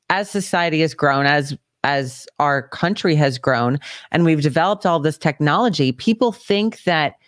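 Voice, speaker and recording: A podcast co-host chatting casually about politics with wry, teasing, drawn-out phrasing. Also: mid-range voice, no room sound, clean studio sound.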